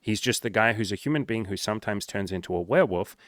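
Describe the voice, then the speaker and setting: A man's voice: fairly low pitch, fast talker, dry recording, studio quality. A young man coaching on dating, talking casually, bluntly and with lots of swearing. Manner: blunt, profane, energetic. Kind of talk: casual monologue reading client messages.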